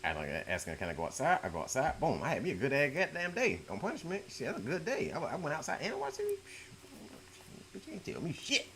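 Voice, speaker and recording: A middle-aged YouTube storyteller casually tells a profane story from his own life, speaking fast with huge pitch swings. He jumps between loud outbursts and low mutters at home, with slight background noise.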